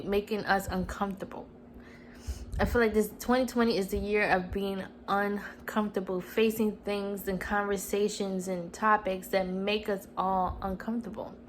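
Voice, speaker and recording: A young woman in her twenties speaks to her camera at home, her voice at an ordinary middle pitch. She talks in an earnest, emotional and rambling way, filling her thoughts with "you know". A faint hiss of noise sits under the recording. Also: level tone, moderate pace, poor audio. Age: 20s. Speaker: vlogger. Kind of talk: casual personal vlog. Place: at home, TV on mute.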